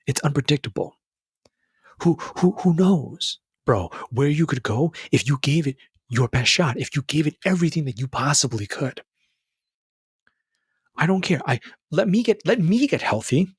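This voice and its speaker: A young man speaks into a podcast microphone in a slightly husky, fairly high voice. The sound is dry and close. He talks in a casual, earnest way, calling the listener brother, and his voice leaps upward when he stresses a point. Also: lively intonation, normal speed, dry recording. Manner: casual and earnest, calls listener brother and bro, pitch jumps when emphatic. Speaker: podcast host. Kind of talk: motivational monologue.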